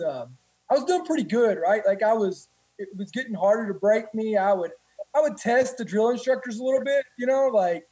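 A man's voice: high-pitched, dark tone, slightly rough, low-quality recording. A man, a former Marine and guest, telling stories casually in a rambling, profane way. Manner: rambling, profane, many restarts. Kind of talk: casual storytelling.

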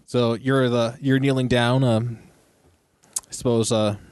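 A man narrating as game master of a tabletop game, talking haltingly with many pauses and restarts. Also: mid-range voice, level tone, a little mellow, clean tone, no echo.

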